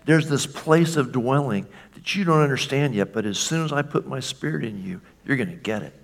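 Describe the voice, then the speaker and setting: Guy preaching, chatty and animated, acts out the quotes, mid pitch. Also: fairly quick, creaky. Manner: conversational preaching, acting out quotes. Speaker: pastor. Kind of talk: sermon.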